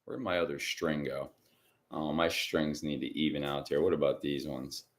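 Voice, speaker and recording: A man hosting a casual psychic reading livestream from home, rambling and chatty and often clearing his throat. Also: rumbling low, flat delivery, moderate pace. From Michigan. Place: indoors at home.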